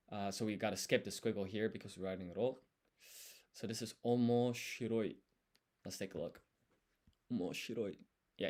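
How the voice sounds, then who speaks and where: A man studying on a livestream, thinking aloud and explaining each step as he writes. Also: fairly low pitch. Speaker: language learner.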